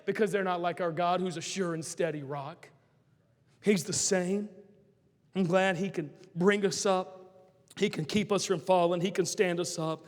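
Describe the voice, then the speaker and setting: A middle-aged man, preaching a sermon with passion, swinging from loud, shouted lines down to hushed ones. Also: steady tone, a little slow. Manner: impassioned, rising to shouts then dropping low. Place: large church sanctuary. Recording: long hall reverb.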